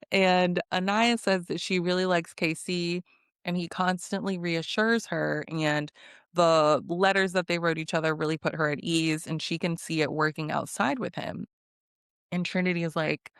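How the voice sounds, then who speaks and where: A woman's voice: sits low, moderate pace, vocal fry, clear, resonant tone, no room sound, clean studio sound. A woman casually recapping a reality dating show, chatty and snarky, acting out what the contestants said. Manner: snarky, chatty, acts out quotes. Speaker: recap vlogger.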